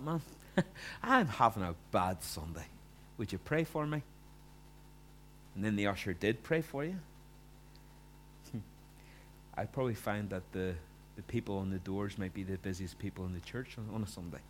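A man's voice: fairly low pitch, a little hiss or hum. A man preaching a sermon in a conversational way, acting out quoted voices with big swings.

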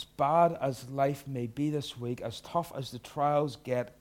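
A middle-aged male pastor giving a sermon, earnest, dropping to hushed lines and rising to loud emphatic bursts. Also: medium pitch, takes it slowly, hardly any pauses.

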